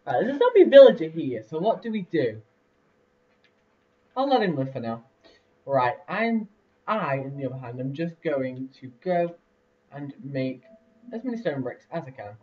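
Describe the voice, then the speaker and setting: Chatty young gamer, distant lo-fi mic. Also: male voice, on the high side, very animated, normal speed, pauses often. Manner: chatty, rambling, lots of fillers and laughs. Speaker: let's play host. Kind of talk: casual gameplay commentary.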